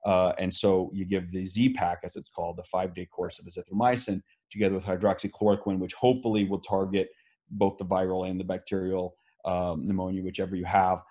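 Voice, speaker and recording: A man's voice: low voice, flat delivery, fairly quick, dark tone. A man, speaking as an interviewed scientist, explaining earnestly with many fillers and restarts. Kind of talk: video call interview.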